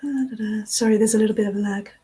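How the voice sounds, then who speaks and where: A woman's voice: mid-range voice, steady tone, rapid-fire, warm tone, breathy edge. A woman who is losing her voice, speaking as a guest designer in an online talk in a chatty, self-mocking way.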